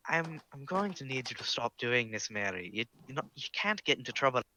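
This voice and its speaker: A man voicing a big, polite male superhero in a tabletop game, speaking with earnest, halting concern. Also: medium pitch, very animated, bright, forceful tone, slight background noise.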